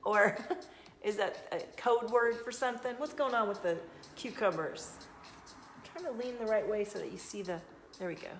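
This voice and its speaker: A woman's voice: medium pitch, moderate pace, soft background music. A woman with a slight Southern twang, hosting a live stream as an intuitive card reader and chatting effusively toward her phone camera. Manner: chatty and effusive, with sudden bursts of emphasis. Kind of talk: casual live-stream chat.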